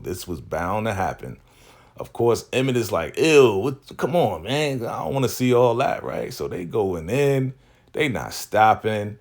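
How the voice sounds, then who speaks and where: A man with a deep, low-pitched voice walks through a TV episode in a relaxed recap. His talk is loose and full of slang, and he acts out the characters' lines as he goes. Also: gravelly. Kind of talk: casual spoken recap commentary.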